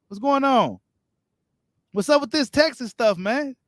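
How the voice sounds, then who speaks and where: High-voiced man chatting on a boxing live stream. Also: animated, a little slow, fairly bright tone, no room sound, clean studio sound. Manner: casual, slangy, talks straight to viewers. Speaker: boxing channel host. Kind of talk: live-stream chat reading viewer comments.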